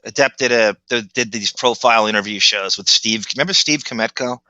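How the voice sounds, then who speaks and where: Bright, dull-toned male podcast host. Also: fairly low pitch, a little fast, no room sound. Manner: rambling storytelling with restarts. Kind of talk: casual podcast chat.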